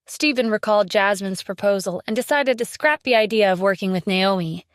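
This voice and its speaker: A woman narrating a scripted audio drama with steady storytelling. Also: medium pitch, a little fast, hardly any pauses, smooth, dry recording, studio quality.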